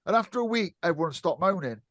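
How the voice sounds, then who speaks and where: A man's voice: high-pitched, lively intonation, fast, a bit bright, no echo. A man from Britain in casual podcast chat, outspoken and sweary, laughing often. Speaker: electrician podcast co-host.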